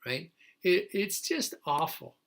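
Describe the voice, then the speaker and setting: Older male activist, bright, tense voice, rambling, choked-up solo livestream rant with indignant flare-ups. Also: high-pitched, big pitch swings, slow pace, vocal fry. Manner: emotional, rambling, with many restarts and sudden indignant outbursts.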